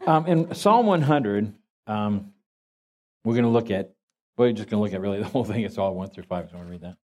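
A man's voice: on the low side, expressive, fairly quick, darkish tone. A man preaching as pastor, folksy and storytelling, with frequent restarts. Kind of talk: sermon.

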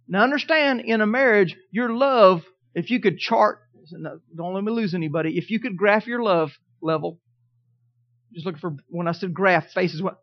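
A man preaching a sermon, telling a personal story in a folksy way, swinging from quiet asides to emphatic declarations. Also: high voice, moderate pace, muffled recording. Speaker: pastor.

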